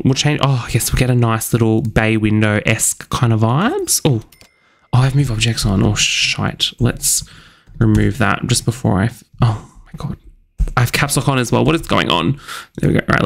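A young man who hosts a gaming channel narrates his gameplay in a bubbly, chatty, self-mocking way. His medium-pitched voice has some vocal fry.

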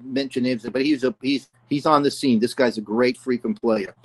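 A man's voice: mid-range voice, fairly even intonation, normal speed, husky. Rambling older man telling stories. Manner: rambling, full of "you know" and restarts. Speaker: guest musician. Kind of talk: casual storytelling interview.

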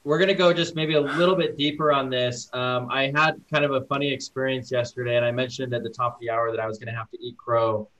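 A man's voice: medium pitch, flat delivery, fast talker, hardly any pauses, fairly bright tone, highs cut off. A man hosting a casual panel discussion over a video call, telling a long self-deprecating story in a rambling way. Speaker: panel host.

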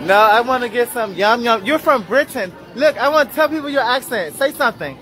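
A man's voice: extremely high pitch, expressive, brisk, fairly bright tone. A man making a casual travel vlog, chatting upbeat with shop staff in a busy food shop. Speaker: travel vlogger. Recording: crowd chatter and music behind.

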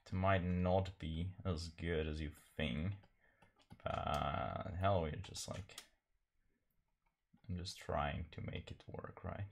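A man's voice: sits low, fairly even intonation, slow pace, gravelly, long pauses. A man chatting casually while painting on a live stream, rambling and self-deprecating, laughing often.

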